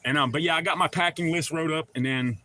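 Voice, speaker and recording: A man's voice: a little high, fast, bright, forceful tone. A middle-aged man with a Southern accent chats loosely on a livestream, rambling and reading out viewer comments with casual swearing. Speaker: livestream host.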